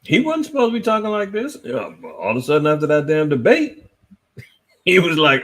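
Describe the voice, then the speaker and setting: A man hosting a casual news commentary livestream, reading articles aloud and answering his chat in a lively, swinging voice. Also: a little fast. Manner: animated, swinging between loud and low, reads articles aloud, talks to chat. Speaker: host.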